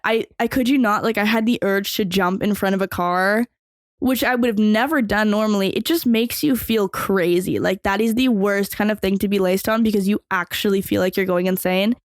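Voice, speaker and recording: A woman's voice: mid-range voice, dry recording, clean studio sound. A young adult woman hosting a podcast, telling a long personal story in a rambling way, full of fillers and casual swearing. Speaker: podcast host.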